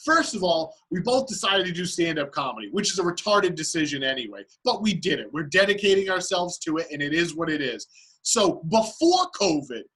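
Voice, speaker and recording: A man, a comedian guest on a podcast, chatting casually with wry, deadpan quips. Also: high-pitched, slightly rough, poor audio. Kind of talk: casual chat.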